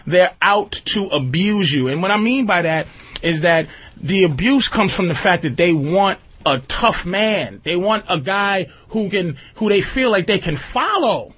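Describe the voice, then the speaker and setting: A man's voice: high-pitched, expressive, unhurried, breathy edge, dull audio. A man hosting a radio talk show, talking casually in a rambling, emphatic way and often checking that the listener follows. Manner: rambling, emphatic, often asks "you understand".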